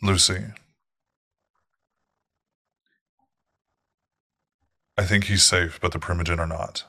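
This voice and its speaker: A man's voice: sits low, fairly even intonation, fairly quick, vocal fry, pushed and bright, heavily acted. A man voicing an angry female vampire clan leader who swears bluntly and aggressively in a tabletop game. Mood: grave.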